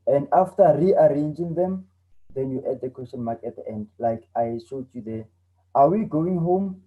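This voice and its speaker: A man's voice: medium pitch, mellow, muffled recording. A young man teaching an online English lesson to teenagers, earnest and repeating himself as he explains. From South Africa.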